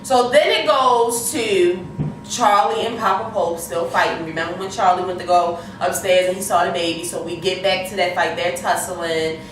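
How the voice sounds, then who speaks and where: Woman co-host, loud profane storyteller, heard from a distance in a very echoey room with faint noise. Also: lowish voice, steady tone, moderate pace. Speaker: TV episode recapper. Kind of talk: casual recap chat.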